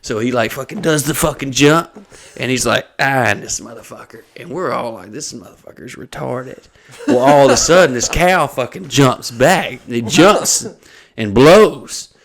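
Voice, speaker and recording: A man, co-hosting a casual podcast. He tells a long story full of swearing and breaks into laughs. His pitch sits in an ordinary middle range. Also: unhurried. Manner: profane, laughing, animated storyteller. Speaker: podcast co-host.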